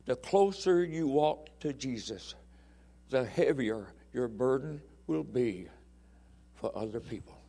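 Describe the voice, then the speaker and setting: An older man preaching a sermon, telling folksy rambling stories that break into fiery shouted bursts. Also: mid-range voice, animated, slow, gravelly, slightly rough.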